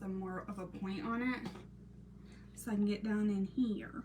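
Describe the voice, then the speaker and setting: A woman in her thirties hosting a casual crafting live stream, chatting and greeting viewers by name, sometimes dropping to a soft half-whisper while she works. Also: medium pitch, fairly even intonation, measured pace. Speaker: crafting channel host. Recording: distant mic with noisy background.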